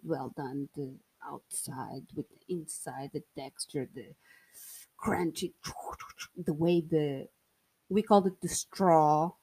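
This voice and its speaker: A woman's voice: on the low side, dark tone, slightly rough. A Portuguese woman with a Portuguese accent, whose first language is Portuguese, chatting alone to camera in a playful, joking way with frequent laughter. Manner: playful, jokey, laughs often. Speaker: vlogger. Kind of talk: casual solo monologue.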